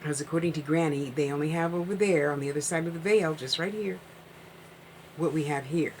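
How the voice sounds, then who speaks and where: A woman's voice: deep voice, fairly quick, darkish tone, a little hiss or hum, low-quality recording. A woman hosting a live-streamed psychic reading, chatting casually and rambling with frequent asides.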